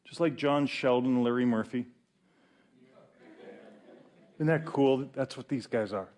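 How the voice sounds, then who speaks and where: A male pastor preaching a sermon in a conversational, animated way with fillers and pauses. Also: medium pitch.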